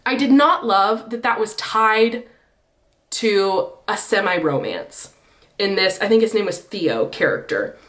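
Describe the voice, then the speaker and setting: A woman giving chatty, opinionated commentary in a casual vlog, her pitch swinging up when she makes a point. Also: animated, unhurried, fairly bright tone. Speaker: book and TV vlogger.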